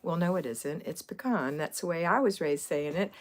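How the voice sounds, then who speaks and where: A woman's voice: on the low side, fairly quick. A middle-aged woman from Florida hosting a homemaking livestream, chatting casually and rambling as she answers viewers' comments. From Florida, USA.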